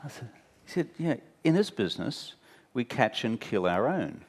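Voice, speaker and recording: Against slight background noise, a medium-pitched Australian man in his fifties speaks at normal speed. A former prime minister guesting on a talk-venue stage, he animatedly tells blunt, wry anecdotes in candid conversation and mimics those he quotes.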